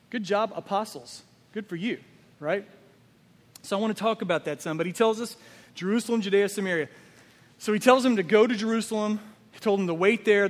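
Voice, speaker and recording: Guy preaching, high voice, lots of questions thrown at the crowd, big echoey hall. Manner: emphatic preaching with rhetorical questions. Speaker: pastor. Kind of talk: sermon.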